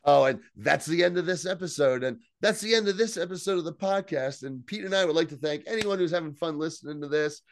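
A man's voice: fairly high pitch, fast, hardly any pauses, a little hiss or hum. A man co-hosting a casual podcast, recapping a show in a loose, profane way. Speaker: podcast co-host.

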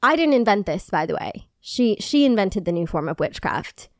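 A woman co-hosting a podcast in casual chat, animated, laughing often and swearing freely. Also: medium pitch, normal speed, no echo, clean studio sound. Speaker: podcast co-host.

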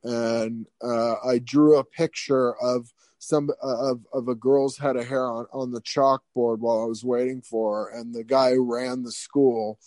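A middle-aged man, a hairstylist, telling stories in an interview with lots of restarts and animated asides. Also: medium pitch, unhurried, few pauses, no echo. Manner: rambling, animated, many restarts. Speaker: guest, hairstylist. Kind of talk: casual interview storytelling.

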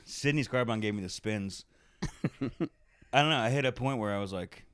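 A man's voice: fairly low pitch, normal speed, clear, resonant tone, no room sound. A man telling laid-back stories in casual podcast banter.

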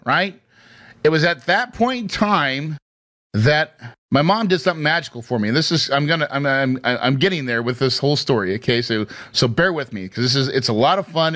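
A man's voice: a little high, bright, forceful tone. A man casually telling a personal story in a chatty way, with frequent restarts and tag questions. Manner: chatty, hesitant restarts, asks "right?" often. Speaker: speaker sharing his career story.

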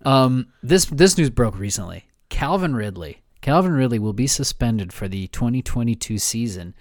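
A man's voice: mid-range voice, lively intonation, normal speed, no echo, studio quality. A man co-hosting a casual sports podcast, easygoing and often repeating words as he thinks aloud. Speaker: podcast co-host.

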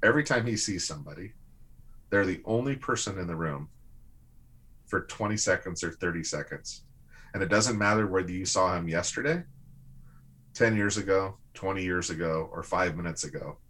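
A man with a low, husky voice tells a personal story to a host in an easygoing, conversational way. He is animated and lively, pushing his voice up as the story builds. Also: normal speed. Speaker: guest.

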